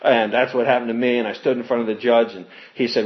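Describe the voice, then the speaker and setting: A man telling his personal recovery story to an audience, earnest and animated when quoting others. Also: mid-range voice, quick pace, hardly any pauses. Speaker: recovery speaker. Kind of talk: personal testimony talk. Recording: muffled lo-fi recording.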